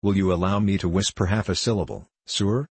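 A man reading an audiobook, voicing a florid young gentleman who speaks in a grand, theatrical way. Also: sits low, steady tone, a little fast, slightly rough, no echo. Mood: pompous.

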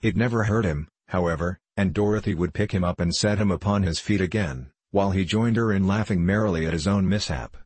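Low, husky male storybook narrator. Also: fairly quick, hardly any pauses, darkish tone, dry recording. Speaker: audiobook narrator.

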